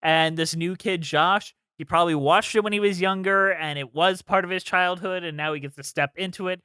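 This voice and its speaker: A man's voice: high voice, fairly even intonation, fairly quick, bright, forceful tone, smooth, dry recording. A man co-hosting a casual podcast, rambling along as he reads out trivia facts. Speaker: podcast co-host.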